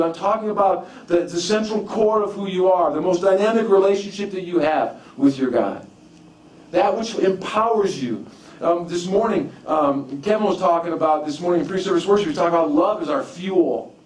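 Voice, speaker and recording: This male pastor speaks a little quickly, his voice sitting high as he shares personal stories in a relaxed sermon, looping back and restarting phrases. He's captured from far off in an echoing church sanctuary.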